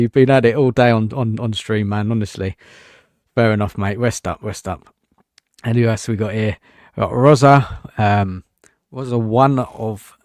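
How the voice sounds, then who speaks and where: A man's voice: medium pitch, a little mellow, dry recording, studio quality. A man hosting a casual football fan live show, chatty and greeting viewers, saying "mate" often. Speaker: host.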